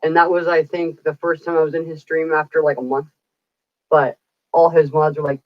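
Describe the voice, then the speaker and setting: A woman's voice: sits low, level tone, moderate pace, no room sound. Rambling woman in her forties, lo-fi. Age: 40s. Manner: chatty, rambling, acts out quoted dialogue. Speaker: psychic livestreamer. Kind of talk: casual livestream storytelling. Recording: dull lo-fi dry sound.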